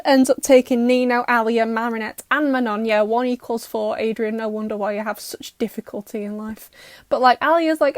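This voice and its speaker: A young woman recapping a cartoon episode in a sarcastic, exasperated roast, putting on quick mock voices for the characters. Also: fairly high pitch, fairly even intonation, dry recording, studio quality. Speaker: YouTuber reacting to a cartoon.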